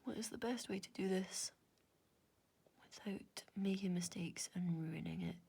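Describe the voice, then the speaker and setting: A woman's voice: mid-range voice, a little slow, vocal fry, warm tone, slightly rough. A young Scottish woman with an Inverness accent, working through maths aloud in a casual way and muttering to herself between half-whispered asides. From Scotland. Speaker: maths content creator.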